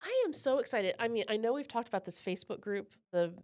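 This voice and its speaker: A woman co-hosting a podcast in casual chat, animated and self-deprecating, laughing often. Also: fairly high pitch, fast talker. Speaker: podcast co-host.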